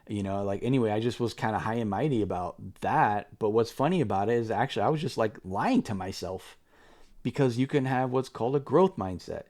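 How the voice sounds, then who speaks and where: In a lowish voice with a somewhat dark tone, a man gives a casual, candid book review. He rambles with plenty of fillers and restarts, becoming earnest and emphatic when he urges viewers.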